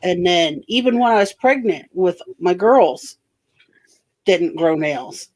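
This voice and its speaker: A woman chatting casually on a livestream, relaxed and rambling with some teasing. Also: lowish voice, slow pace. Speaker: guest on a livestream. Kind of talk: casual chat.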